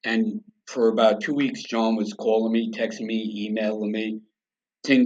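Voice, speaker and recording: A man's voice: lowish voice, flat delivery, normal speed, darkish tone, muffled recording. A man from the United States, a podcast guest telling a story in blunt, profane, conversational style and acting out quoted dialogue.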